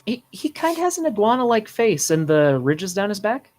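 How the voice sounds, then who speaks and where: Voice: mid-range voice, very animated, moderate pace, darkish tone. A co-host in casual stream chat, asking bemused questions.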